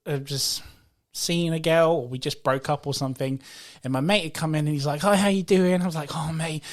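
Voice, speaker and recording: A man's voice: on the high side, fairly quick. A man co-hosting a podcast, telling stories in a casual chat among friends and laughing often. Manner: animated storyteller, laughs often. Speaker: podcast co-host.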